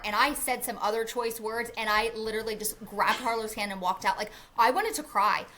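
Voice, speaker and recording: A woman in her thirties chats casually on a podcast, her voice a touch high. She tells a story with lots of energy, playing out each exchange and swearing freely. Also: brisk, hardly any pauses. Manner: animated, acts out the people in her story, swears. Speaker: podcast co-host.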